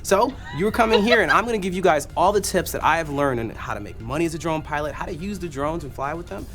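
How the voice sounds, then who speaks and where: A man's voice: a little high, expressive, fast talker, fairly bright tone, soft background music. Upbeat man presenting a channel intro. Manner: upbeat, presenter-style delivery. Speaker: drone video creator.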